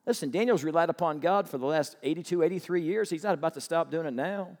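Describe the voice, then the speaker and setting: A man preaching a sermon as pastor, animated and humorous, firing rhetorical questions at the congregation. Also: a little high, quick pace, few pauses, big-room sound.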